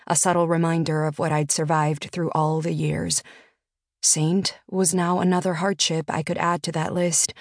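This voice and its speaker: A woman narrating a first-person audiobook in a measured, introspective reading. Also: low-pitched, darkish tone, no echo, studio quality.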